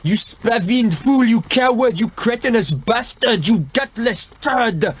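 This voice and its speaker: A man's voice: on the high side, a little slow, pitched above the performer's own voice, natural voice. A man voicing a proud medieval French king in an audiobook, commanding and bellowing in rage. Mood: raging. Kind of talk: audiobook reading.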